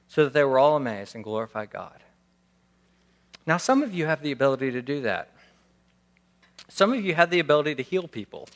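A male pastor giving a conversational sermon, acting out little scenes as he preaches. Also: fairly high pitch. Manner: conversational, acts out scenes with raised voice.

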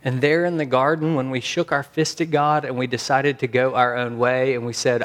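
A man's voice: medium pitch, level tone, a bit bright. Earnest male pastor preaching. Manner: earnest, slows and rises for emphasis. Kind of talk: sermon.

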